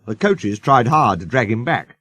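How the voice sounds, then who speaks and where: A man's voice: mid-range voice, no room sound. A man reading a children's storybook aloud as narrator, doing the characters' voices. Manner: slow, lively intonation.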